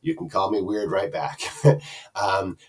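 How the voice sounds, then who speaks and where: A man's voice: deep voice, lively intonation, a little slow, slightly rough, far from the mic. A man from Canada giving a rambling, casual screen-share review of an online product, full of fillers and restarts.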